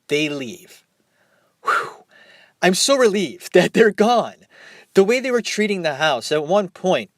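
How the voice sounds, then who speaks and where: A young man hosting a podcast, retelling and reacting to a film in a casual, animated way, swearing and laughing as he goes. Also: fairly high pitch, no room sound, studio quality. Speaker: podcast host.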